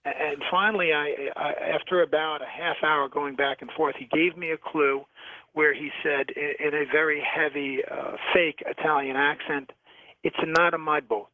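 A man from New York, a shipwreck diver, telling stories as a radio guest over the phone, halting with many restarts and repeated words. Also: a little high, no room sound. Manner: lively storyteller. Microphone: telephone. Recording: tinny phone line, dry.

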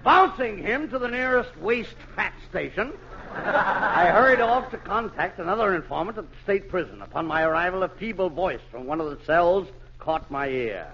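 A man's voice: high voice, lively intonation, moderate pace. Hammy mock-hardboiled radio narrator, a man. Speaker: comic narrator playing an inspector. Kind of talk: 1940s radio comedy narration. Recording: muffled hissy old radio recording.

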